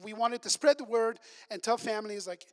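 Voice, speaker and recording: A man's voice: sits high, a little fast, in a large hall. A man, a camp director, giving a chatty storytelling update to a church and acting out the quoted voices. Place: church hall.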